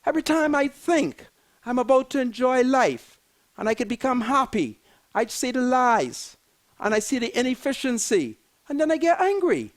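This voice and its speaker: High, lively older Bahamian man ranting. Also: normal speed. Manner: emphatic, repetitive, preachy. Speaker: political commentator. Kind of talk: fiery political rant.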